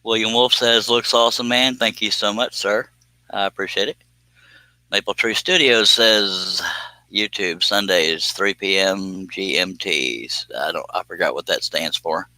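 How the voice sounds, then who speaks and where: A man's voice: low-pitched, unhurried, no echo, rough recording. A man hosting a live stream, chatting casually and rambling while reading viewer comments aloud, sleepy and yawning. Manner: relaxed, rambling, reads chat comments aloud.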